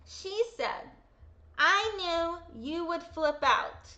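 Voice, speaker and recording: A woman's voice: very high voice, lively intonation, drawn-out words, sharp tone, highs cut off. A woman talking straight to her viewers in an upset, blunt personal callout, swearing and repeating quotes. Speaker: vlogger. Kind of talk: angry personal callout vlog.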